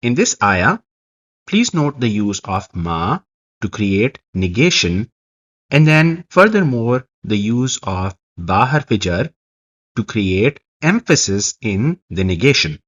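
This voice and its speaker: Slow, careful male grammar teacher. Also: lowish voice, sing-song, fairly bright tone, highs cut off. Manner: slow, careful explanation of examples. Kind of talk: scripted lesson narration.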